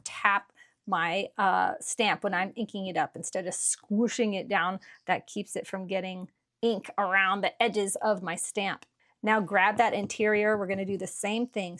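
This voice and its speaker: A woman's voice: mid-range voice, a bit bright. Friendly woman host walking viewers through a craft project, mid-range voice, casual fillers. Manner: chatty and encouraging, with frequent fillers. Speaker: card-making channel host. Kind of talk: relaxed craft tutorial.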